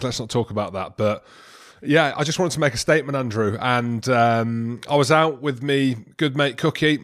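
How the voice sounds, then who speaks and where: A man co-hosting a podcast, telling stories in boisterous, teasing banter. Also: medium pitch. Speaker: podcast co-host. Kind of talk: casual banter.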